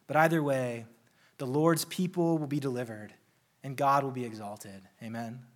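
A man preaching a sermon in an earnest way, slowing down and building intensity through lists. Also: medium pitch. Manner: earnest, slows and stresses key phrases. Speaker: pastor.

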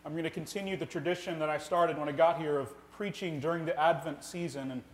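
A man preaching a sermon as the pastor of his church, earnest and full of rhetorical questions, swinging from loud emphasis to quiet, slow lines. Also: on the high side, steady tone. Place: church sanctuary.

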